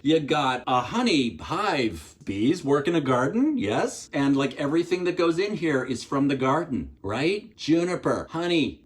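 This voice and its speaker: Animated Pittsburgh man demonstrating cocktails. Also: medium pitch. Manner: playful, theatrical, swoops up on counts and exclamations. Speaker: home bartending host. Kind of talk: cocktail tutorial vlog.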